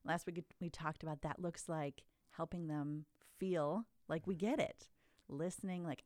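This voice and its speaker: Woman w/ low voice hosting a chatty podcast, steers the convo, dry mic. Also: a little mellow, no room sound. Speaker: podcast host. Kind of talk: casual podcast chat.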